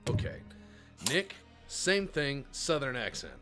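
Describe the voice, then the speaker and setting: A man's voice: medium pitch, slow, over music. Joking man hosting a gaming chat. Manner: joking, swears, animated asides. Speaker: host of a gaming show.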